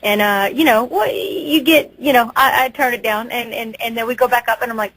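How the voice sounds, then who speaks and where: Female caller, thirties, earnest and thankful, fairly high voice, dry sound. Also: steady tone, a little fast, a bit bright, dry recording, rough recording. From Texas. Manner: earnest, grateful, rambling with restarts. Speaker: radio caller. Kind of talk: phone-in call.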